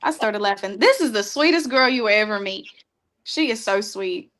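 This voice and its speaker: A young woman guest in a studio, telling funny stories in a lively, laughing way. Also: a little high, moderate pace. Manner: laughing, animated storyteller. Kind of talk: casual storytelling.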